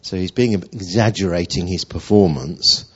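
A man preaching a sermon in an animated storytelling way, acting out quotes. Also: sits low, moderate pace, slightly rough. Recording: dull lo-fi recording.

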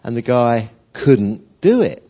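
A man preaching a sermon in an animated storytelling way, acting out quotes. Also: medium pitch, slow pace. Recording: dull lo-fi recording.

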